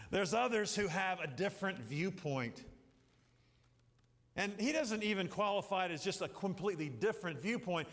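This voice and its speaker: A middle-aged man delivers a sermon in a fairly high voice. He rambles, breaks into jokey asides and acts out little quotes. A long hall reverb trails his words. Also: animated, normal speed, pauses often, a bit bright. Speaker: pastor.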